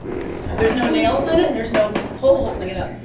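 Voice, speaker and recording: A woman's voice: fairly high pitch, expressive, moderate pace, heavy background noise. A woman giving a guided tour, a chatty, jokey storyteller who talks a lot. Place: inside an old historic building. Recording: roomy, distant camera mic.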